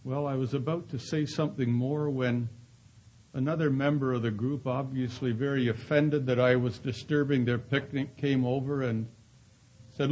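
A man's voice: mid-range voice, steady tone, measured pace, darkish tone, husky, rough recording. A man preaching a sermon in an earnest storytelling manner, acting out the people in his stories. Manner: earnest, acts out voices in quoted dialogue. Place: Canada.

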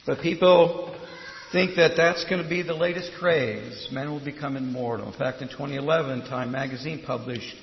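Gravelly-voiced man preaching with passion, recorded dull and roomy in a church hall. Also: mid-range voice, moderate pace, slight background noise. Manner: swings from hushed to loud, impassioned preaching. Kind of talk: sermon with storytelling.

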